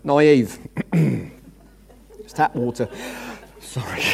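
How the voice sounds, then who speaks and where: A man preaching a sermon to a congregation, animated and jokey, swinging from loud bursts to hushed asides. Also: high-pitched, moderate pace, heavy background noise.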